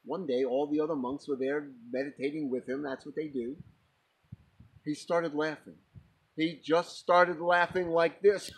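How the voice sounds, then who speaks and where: A man who is an author, telling a spiritual parable in a slow, deliberate way. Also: fairly high pitch, slightly rough, poor audio. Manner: slow, deliberate, breaks into laughter. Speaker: author and storyteller. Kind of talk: spoken parable storytelling.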